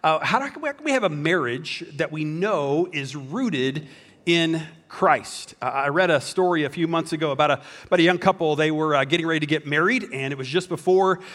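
Pastor with a somewhat high voice. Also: male voice, expressive, normal speed, a bit bright. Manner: storytelling, joking, many restarts. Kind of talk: sermon.

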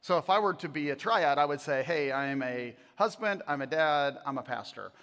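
A man, a pastor, preaching a sermon in a casual, animated way, with jokes and asides to the congregation. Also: on the high side, normal speed. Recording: long hall reverb.

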